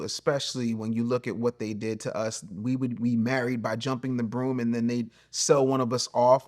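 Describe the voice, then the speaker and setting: A middle-aged man hosting a solo advice show, blunt and preachy, swinging between loud jabs and low, quiet asides. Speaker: host and relationship coach. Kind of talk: solo advice monologue to camera.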